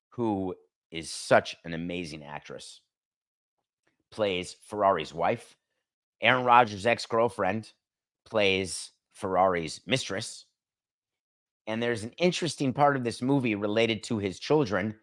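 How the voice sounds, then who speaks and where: A middle-aged man hosting a solo sports talk show, brash and opinionated, firing off emphatic rhetorical questions. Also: on the low side.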